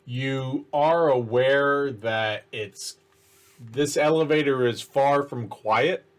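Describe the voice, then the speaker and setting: A man narrating as game master of a tabletop game, halting and restarting as he describes the scene. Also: medium pitch.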